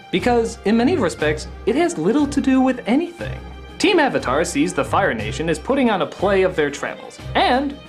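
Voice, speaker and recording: A man hosting a comedic review who talks in an exaggerated way and often breaks into yelling. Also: high voice.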